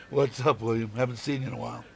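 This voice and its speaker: A man's voice: mid-range voice, level tone, a little fast, creaky, background noise. Rambling, chuckling man hosting a stream. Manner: rambling, swears casually, chuckles often. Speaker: live stream host. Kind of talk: casual chat.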